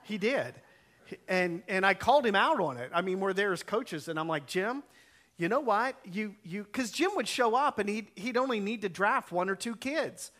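A man preaching a sermon as a pastor, telling a story with lively quoted dialogue, his voice rising and falling as he acts out each part. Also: high-pitched, normal speed. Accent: Ohio. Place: church sanctuary.

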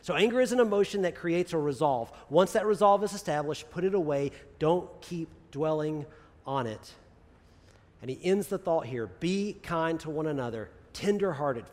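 A male pastor preaching a sermon in a conversational style, peppered with "right?" asides and building to loud urging. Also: on the high side. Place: church sanctuary. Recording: long hall reverb.

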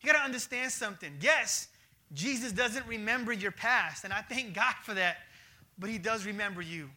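A man preaching a sermon as pastor in an animated, slangy, conversational manner. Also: sits high, moderate pace.

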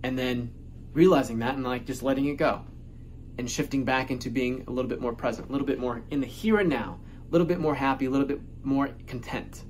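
A man's voice: medium pitch, quick pace, darkish tone, a little hiss or hum. A man delivering a casual motivational monologue as a self-help speaker, emphatic and repetitive, swearing freely.

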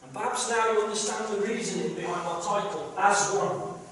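A man's voice: high-pitched, quick pace, a bit bright, slight background noise. A man pastor preaching a sermon, emphatic, repeating phrases and asking rhetorical questions. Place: church hall, live service. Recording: echoey live church hall recording from far off.

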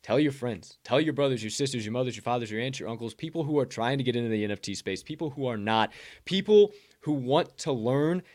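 Ranting to promote his casual stream, a young NFT creator swears and preaches with hyped energy. He talks fast in a mid-range, somewhat dark voice with lively intonation.

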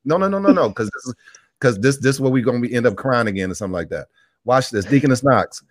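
A man's voice: mid-range voice, expressive, fast, dry recording. A pastor preaching on a live church broadcast, exhorting his people and repeating phrases as he calls out to the room.

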